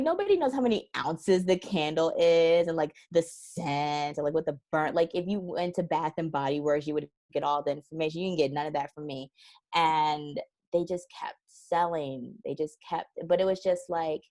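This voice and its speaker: A woman with a fairly low voice tells a personal story as an interview guest. She laughs easily and acts out the voices of people in her story. Her delivery is casual and animated. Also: normal speed. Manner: laughs often while talking. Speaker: guest, transformation strategist.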